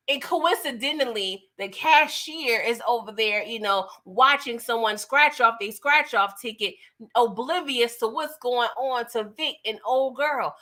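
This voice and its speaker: A woman's voice: a little high, sharp tone. A woman giving a casual, slangy recap of a TV episode, chatty and laughing often. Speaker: TV recap reviewer.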